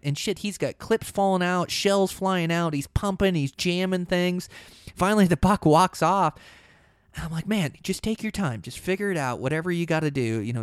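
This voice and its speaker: A man telling a hunting story in a casual, rambling way, often saying "you know" and "like", and getting animated when the action picks up. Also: high voice, no room sound, studio quality.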